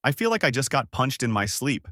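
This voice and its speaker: A man playing a good-natured young fighter in a fan-made audio story, relaxed and friendly, his voice only lightly lifted. The recording is dry and close. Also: medium pitch, a little fast, dry recording, pitched above the performer's own voice. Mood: easygoing. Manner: easygoing, friendly. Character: cheerful carefree young male fighter.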